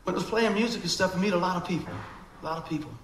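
A man's voice: sits high, racing, reverberant, a little hiss or hum, low-quality recording. A man preaching a sermon, telling a story animatedly and acting out the voices of people in it.

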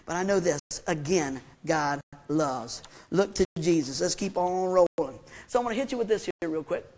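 A man preaching a sermon to his congregation in a folksy, animated way, with lots of questions to the listeners. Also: fairly high pitch, moderate pace. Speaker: pastor.

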